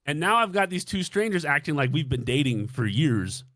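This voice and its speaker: A man's voice: on the high side, very animated, moderate pace, a bit bright, no room sound. A young man casually telling a dating story on a stream, swearing freely and acting out his own reactions.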